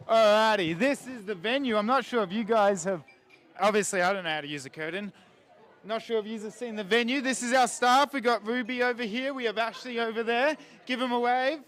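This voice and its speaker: Teasing host, high voice, casual banter. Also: male voice, a little fast, fairly bright tone. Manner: joking and teasing. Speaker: comedy show host. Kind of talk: casual backstage interviews.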